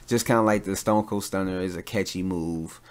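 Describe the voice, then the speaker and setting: A father hosts his own podcast, delivering solo commentary as an animated, rambling rant packed with fillers and restarts. His voice is low and his speed normal.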